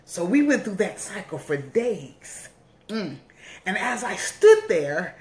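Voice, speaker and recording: A woman's voice: medium pitch, big pitch swings, takes it slowly, a little mellow. A woman bishop giving an earnest personal testimony, repeating phrases for emphasis. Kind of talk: personal testimony in a weekly online message. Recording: roomy echo.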